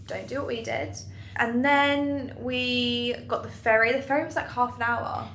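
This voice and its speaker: A woman's voice: on the high side, unhurried, fairly bright tone, slight background noise. A young woman co-hosting a podcast, talking casually and emphatically, giving travel advice. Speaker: podcast co-host. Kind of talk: casual chat. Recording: echoey room, faint ambience.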